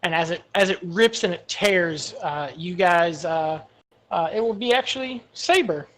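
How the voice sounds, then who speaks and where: Lady running a tabletop game, kinda low voice, lots of uh and um while she describes stuff. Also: measured pace, a bit bright. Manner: descriptive, hesitant with many fillers. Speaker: game master.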